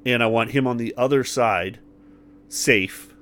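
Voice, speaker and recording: A man's voice: mid-range voice, a little slow, a bit bright. A man playing a tabletop game, talking brashly with swearing and stumbling restarts. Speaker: player. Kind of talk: casual tabletop play.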